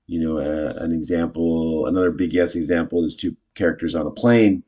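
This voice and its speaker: A man casually teaching improv, chatty and self-correcting, jumping into animated example lines. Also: sits low, brisk, dull audio.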